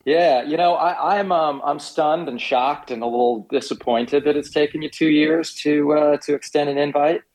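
A middle-aged man, a company founder guesting on a podcast, telling his story hesitantly with many pauses. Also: fairly high pitch, darkish tone, poor audio. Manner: hesitant, many fillers and restarts. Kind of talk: casual podcast interview.

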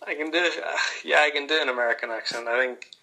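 A young man with a Northern Irish accent, chatting casually as a podcast guest, relaxed with many restarts. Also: fairly high pitch, fast, vocal fry, poor audio. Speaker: pro golfer guest.

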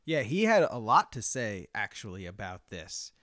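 Softly hedging male podcast co-host. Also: lowish voice, big pitch swings, moderate pace, no room sound, studio quality. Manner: trails off softly, hedging with "I think". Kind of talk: casual podcast chat and ad read.

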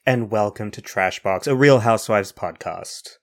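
A man's voice: on the low side, normal speed. A man from New Zealand co-hosting a casual podcast, with a New Zealand accent tinged North American, wry and self-mocking, swearing freely and often laughing. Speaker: podcast co-host. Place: home over a call.

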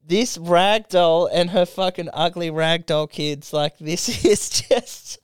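A man's voice: takes it slowly, clear, resonant tone, no room sound, clean studio sound. Sweary young man telling stories. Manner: rambling storyteller, sweary, acts out quotes in high voices. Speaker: podcast co-host. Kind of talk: casual podcast chat.

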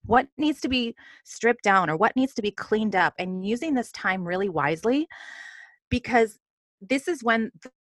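A woman's voice: a little high, lively intonation, moderate pace, fairly bright tone, no echo. A woman business coach as an interview guest, talking in an earnest, upbeat way with many fillers. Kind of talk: casual interview chat.

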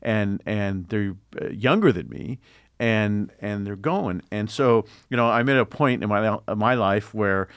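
A man's voice: on the low side, clear, resonant tone, dry recording, studio quality. Reflective man in his seventies, host. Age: 70s. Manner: reflective, measured questions. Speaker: podcast host. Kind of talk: interview conversation.

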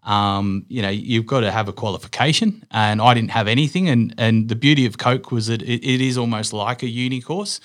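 A middle-aged Australian man chats through his career as a guest, rambling and full of restarts, his voice sitting at an ordinary middle pitch. He laughs a little as he spins his stories, loose and unpolished. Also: brisk, few pauses, a bit bright. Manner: rambling, lots of fillers and restarts, laughs while telling stories. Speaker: guest, business owner. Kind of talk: casual interview storytelling.

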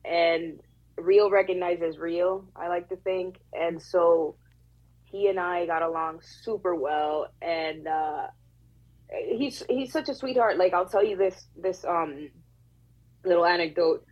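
An actress with a Puerto Rican accent tells a candid, emotional, profane story on a casual podcast. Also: female voice, fairly low pitch, takes it slowly, a little mellow, muffled recording. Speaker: actress guest.

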